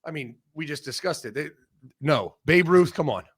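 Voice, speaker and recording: A man from Ohio, a former football coach, chatting as a guest and telling profane, animated stories. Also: a little high, normal speed, breathy edge. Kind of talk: casual sports chat.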